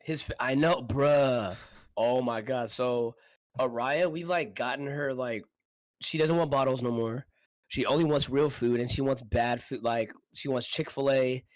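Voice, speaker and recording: A man's voice: medium pitch, fairly even intonation, a little slow, dry recording, low-quality recording. Laid-back man on a dry podcast mic. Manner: laid-back, laughs often, slangy. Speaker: podcast co-host. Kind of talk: casual podcast chat. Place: apartment.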